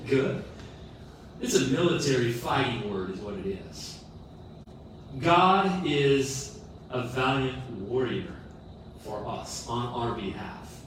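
A middle-aged man preaching a sermon as a pastor, earnest and animated, with self-deprecating humor. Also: medium pitch, slow, pauses often, slight background noise. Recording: roomy echo from far off the mic.

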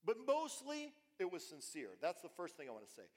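A male pastor delivering a sermon in a fairly high voice, swinging from emphatic bursts to hushed asides and repeating himself as he builds a point. His words ring out with a long reverb through a church hall. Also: brisk. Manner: animated preaching with repetitions and sudden soft drops.

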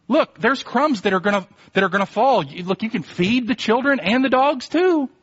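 A man's voice: very high-pitched, animated, moderate pace, a bit bright, slightly rough, muffled recording, voice pushed up, full character voice. A man voicing an earnest pleading mother. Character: humble pleading foreign mother, woman.

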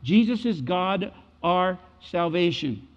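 A man's voice: high-pitched, expressive, slow, long reverb tail, highs cut off. A middle-aged man preaching a sermon, emphatic and repeating key phrases for weight. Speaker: pastor.

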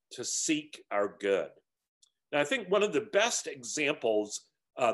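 A man reading passages from a book and explaining them in an earnest, reflective way, with some fillers. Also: medium pitch. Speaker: teacher of a book discussion series.

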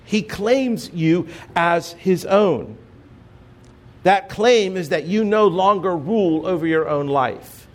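A man preaching a sermon as pastor, earnest and measured, dropping soft and low on key phrases.

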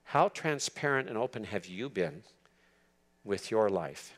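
A man's voice: on the low side, big pitch swings, unhurried, a bit bright. A man giving an expository sermon to church leaders, earnest and emphatic, repeating words for stress. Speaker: preacher teaching church leaders.

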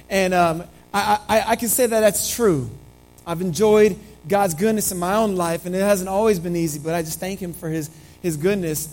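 A middle-aged man preaching a sermon in a church, his voice slightly hoarse, talking earnestly and conversationally with frequent restarts. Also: sits high, brisk, a little mellow, faint music behind, low-quality recording. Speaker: pastor. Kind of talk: sermon with opening prayer. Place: church sanctuary.

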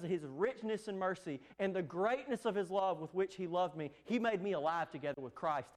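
A male pastor delivers a sermon with emphatic, insistent phrasing. He repeats his lines to drive each point home, and his voice sits high for a man. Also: animated, normal speed.

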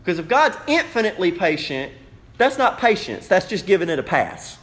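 A man preaching a sermon to a congregation, animated and playful, acting out questions in raised voices. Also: high voice, moderate pace. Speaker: pastor. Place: church sanctuary.

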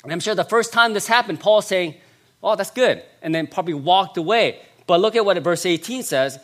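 A male pastor preaching a sermon, stressing points by repeating phrases and swinging between loud passages and hushed ones. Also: high-pitched, animated, brisk.

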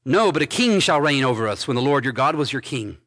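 A man pastor preaching an expository sermon, reading scripture aloud and commenting on it with emphatic stresses and quiet endings. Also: medium pitch, very animated, brisk. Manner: emphatic preaching, swinging between loud stresses and dropped soft endings.

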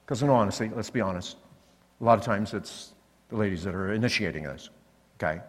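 A man's voice: lowish voice, fast talker. A man preaching a sermon, telling stories and acting out the voices he heard. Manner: animated storytelling, acting out voices. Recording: long hall reverb.

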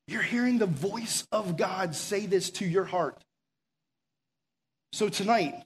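A man preaching a conversational sermon as pastor, urgent and full of rhetorical questions. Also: fairly high pitch. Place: room with a gathered audience.

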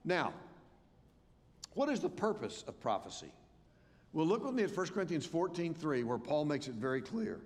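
An older man preaching at a conference, telling a story with lively acted-out voices. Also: fairly high pitch. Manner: animated storytelling, acts out quoted voices. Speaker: pastor. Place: large church or conference hall. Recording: long hall reverb.

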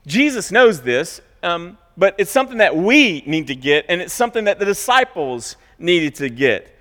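A man preaching a sermon in a church, stressing key words loudly and dropping to quiet asides. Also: in a large hall. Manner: emphatic, swings between loud high stresses and quiet low asides. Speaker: pastor. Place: church sanctuary.

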